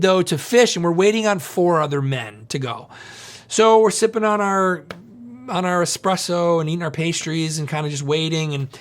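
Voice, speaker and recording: Brief: male pastor, high-pitched voice, lively storytelling sermon with chatty asides to the audience. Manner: animated, conversational, asks the audience questions.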